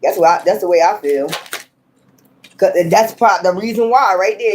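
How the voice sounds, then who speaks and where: A woman's voice: medium pitch, fairly quick, a little mellow, a little hiss or hum. Woman tarot reader, casual and unscripted; blunt, profane, scolding tone.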